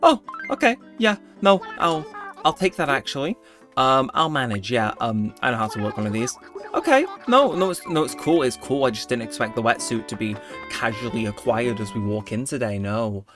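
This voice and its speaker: A man giving chatty, rambling gameplay commentary, easily excited. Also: mid-range voice, moderate pace, over music. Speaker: gaming video host.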